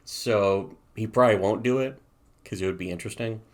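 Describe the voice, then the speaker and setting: Sarcastic, swearing man with a lowish voice. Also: fairly quick. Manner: sarcastic, rambling, heavy swearing. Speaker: podcast co-host reviewing webcomics. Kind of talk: casual profane podcast chat.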